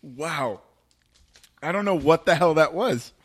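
Slightly high-voiced man groaning in disgust. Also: lively intonation, a little slow, husky. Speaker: food taste-test host. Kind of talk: casual taste-test banter.

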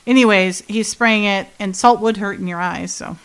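This podcast co-host has a smooth, mid-range voice at a moderate pace. Chatting casually, she retells a TV episode with animation, quoting characters and laughing along the way.

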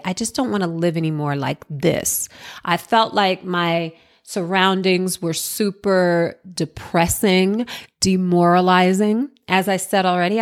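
A woman from New Jersey hosting a podcast, telling her own story in a candid, reflective monologue and speaking straight to the listener. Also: on the low side. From New Jersey, USA. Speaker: podcast host.

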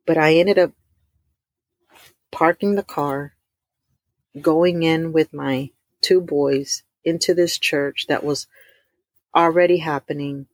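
A middle-aged woman, telling a heartfelt personal testimony to her listeners, warm and emotional, calling them y'all. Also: sits low, fairly even intonation, dry recording, clean studio sound. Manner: emotional, addresses listeners as y'all, drawn-out emphasis. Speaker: host of a faith talk stream.

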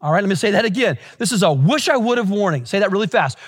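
A man's voice: sits high, lively intonation, normal speed, breathy edge. A man preaching a sermon as pastor, exhorting his listeners, repeating key phrases and asking them questions.

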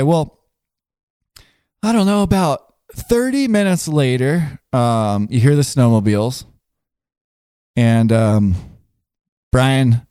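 A man's voice: mid-range voice, warm tone, clean tone, no room sound. A man spins a long comic anecdote in loose podcast chat, full of "like" and restarts. His voice sits mid-range and the mic is close and dry, with no room sound. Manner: rambling, laughing, lots of filler words. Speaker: guest storyteller. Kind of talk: casual podcast storytelling.

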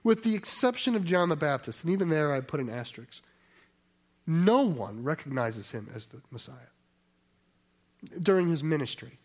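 High-voiced man preaching a sermon. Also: very animated, normal speed, pauses often. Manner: conversational, asks the audience rhetorical questions; restarts and self-corrections mid-sentence.

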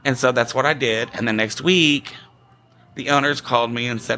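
A longtime drag performer, a man with a mid-range, pushed and bright voice, chats casually at a moderate pace in an interview. He acts out the greetings he gives people.

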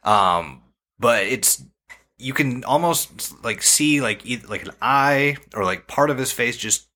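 A man's voice: mid-range voice, animated, slow pace, pushed and bright. A man co-hosting a podcast, describing a video in rambling casual chat. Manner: rambling, hesitant, many fillers. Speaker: podcast co-host.

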